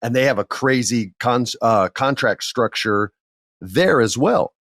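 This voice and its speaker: A middle-aged man hosting a podcast, telling a work story in a candid, animated way and acting out what others said. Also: medium pitch, a little slow, dry recording, clean studio sound. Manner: candid, animated, acts out quotes in others' voices. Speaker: podcast host. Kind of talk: casual storytelling monologue.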